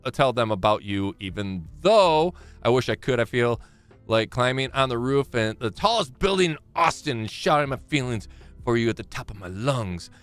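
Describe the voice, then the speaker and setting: A man streaming a game live, chatting to himself and haltingly reading letters aloud with frequent fillers and restarts. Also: medium pitch, sing-song, a bit bright, smooth, soft background music. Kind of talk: live gameplay commentary.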